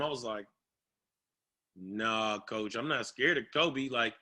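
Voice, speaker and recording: A man, a former basketball player, telling a story in a casual interview, animated and playful. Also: mid-range voice, slow. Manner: animated, playful, acts out what others said.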